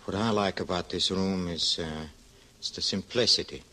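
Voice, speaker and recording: Stern pious lodger, very deep voice, halting and stammering, old-time radio drama. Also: male voice, sharp tone. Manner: hesitant, stammering, then sharply severe. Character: stern pious male lodger, secretive and severe.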